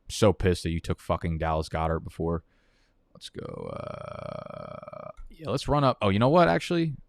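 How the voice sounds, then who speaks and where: A man's voice: low voice, very animated, quick pace, no echo, clean studio sound. A man hosting a live fantasy football draft stream, talking in a profane, heated, rambling way.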